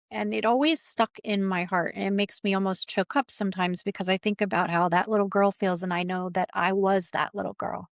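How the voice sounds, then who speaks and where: A woman's voice: medium pitch, no room sound, studio quality. A middle-aged woman, a pageant titleholder, tells her story in an interview in an earnest, heartfelt way.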